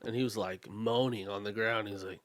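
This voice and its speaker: Male podcast co-host, lowish voice, dry sound, easygoing slangy chat. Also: steady tone, brisk, no echo. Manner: slangy, agreeable, swears freely. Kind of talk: casual chat.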